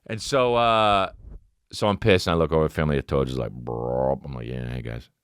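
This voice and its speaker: A man hosting a podcast, telling a comedic story in a profane, animated way that climbs high as he gets excited. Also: fast talker, clean tone, no room sound. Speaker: podcast host. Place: podcast studio.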